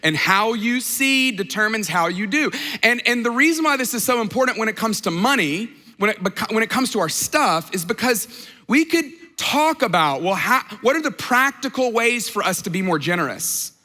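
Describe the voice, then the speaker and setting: A man's voice: sits high, lively intonation, moderate pace, pushed and bright, in a large hall. A man in his thirties preaching a casual sermon in a large church, telling stories and asking the crowd questions. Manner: conversational storytelling, asks the crowd questions. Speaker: pastor.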